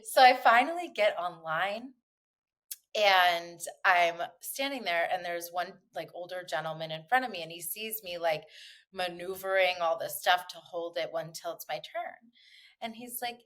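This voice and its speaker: A woman's voice: fairly low pitch, lively intonation, normal speed, fairly bright tone. A woman hosting a casual podcast, telling a story in a chatty way and acting out the dialogue. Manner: chatty storyteller, many likes and quoted dialogue. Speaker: podcast host. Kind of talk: casual chat.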